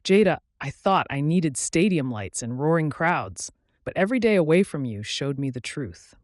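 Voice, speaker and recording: A man's voice: big pitch swings, normal speed, no echo, studio quality. A man reading an earnest young ex-athlete in love. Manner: low, earnest and tender. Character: young male ex-football player, devoted and earnest.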